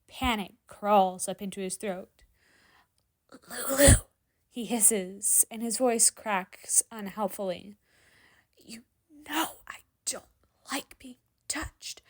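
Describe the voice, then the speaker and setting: A woman reading fan fiction aloud in dramatic story narration, expressive and sometimes dropping to a hushed whisper. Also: mid-range voice. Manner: expressive, drops to hushed whispers in tense moments. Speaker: fanfiction reader.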